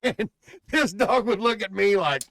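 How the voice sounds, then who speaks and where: A man co-hosting a casual podcast, telling long, profane, animated stories about his dog. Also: high-pitched, unhurried, no room sound. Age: adult father. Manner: profane, animated rambling storyteller. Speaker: podcast co-host. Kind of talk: casual chat, storytelling.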